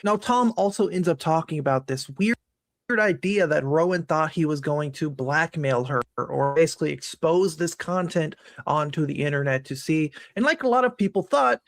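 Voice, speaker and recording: A man's voice: a little high, lively intonation, normal speed, creaky, dry recording. Wry man narrating commentary. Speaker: YouTube commentator.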